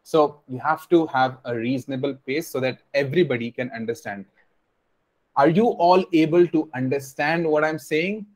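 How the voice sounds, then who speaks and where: A man's voice: fairly high pitch, normal speed, a little mellow. A young man teaching children in an online class, explaining patiently and repeating his points, with many fillers. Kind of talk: teaching kids over a video call. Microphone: video call.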